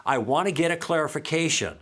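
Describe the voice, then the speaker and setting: An apologetics teacher leads a recorded session built around anecdotes from his own conversations, acting out both sides with wide swings in pitch. An animated storyteller, he constantly checks in with quick "okay?" and "all right?" prompts.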